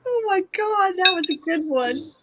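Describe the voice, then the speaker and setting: A woman's voice: extremely high pitch, expressive, moderate pace, background noise. A woman in casual stream chat, reacting with amusement to memes.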